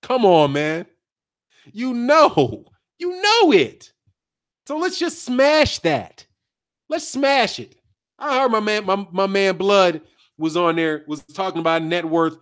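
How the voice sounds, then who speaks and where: A man hosting a boxing channel stream, chatty and animated, talking straight to his viewers and laughing often. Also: high voice, slow pace, smooth. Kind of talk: live-stream boxing commentary.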